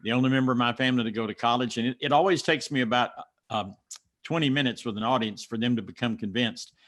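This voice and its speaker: A man's voice: medium pitch, fast talker, a bit bright. Folksy Southern-accented man coaching. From mountains of North Carolina. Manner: folksy, step-by-step instructive, emphatic. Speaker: speaker coach answering questions. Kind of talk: teaching Q&A and personal storytelling.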